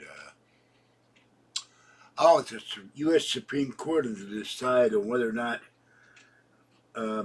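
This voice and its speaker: A man in his seventies, sick and hoarse, rambling casually to his viewers about his day and laughing at his own jokes. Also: fairly low pitch, distant mic, a little hiss or hum. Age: 70s. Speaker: vlogger. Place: home.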